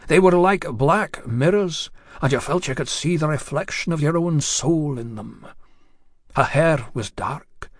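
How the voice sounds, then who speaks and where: A male storyteller with a slightly high voice narrates in the first person, measured and confiding, as if speaking straight to the listener. The recording is close and dry, with no room echo.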